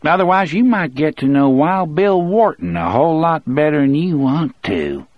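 Brief: drawling older male guard, quietly menacing, pitched up from the reader's voice, as a male narrator does him. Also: expressive, normal speed, dry recording, dull audio, lightly acted.

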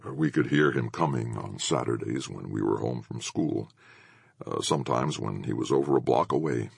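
A man voicing a huge bearded man recalling his childhood in a hushed, awed tone. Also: extremely low pitch, moderate pace, vocal fry, husky, no echo, studio quality, exaggerated voice.

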